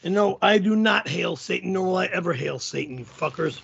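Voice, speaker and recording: A middle-aged man hosting a livestream, shouting and cursing in an explosive, profane rant. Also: sits high, lively intonation, fairly quick, creaky, husky, dull audio. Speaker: show host.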